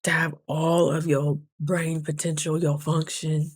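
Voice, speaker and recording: A woman's voice: deep voice, little pitch movement, unhurried, slightly rough, dry recording. A woman talking through a casual diary vlog, earnest and reflective, sometimes close to tears. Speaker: vlogger.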